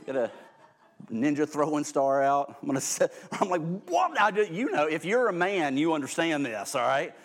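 A man preaching an informal, humorous sermon, joking at his own expense and swinging between hushed and loud delivery. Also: on the high side, animated, moderate pace. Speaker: pastor.

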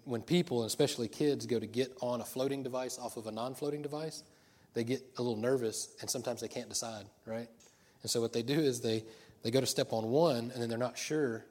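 A middle-aged pastor with a drawl delivers a sermon. He keeps it loose and chatty, cracking jokes and laughing between points, and his voice sits at an ordinary pitch for a man. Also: a little mellow. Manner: chatty and joking, laughs often.

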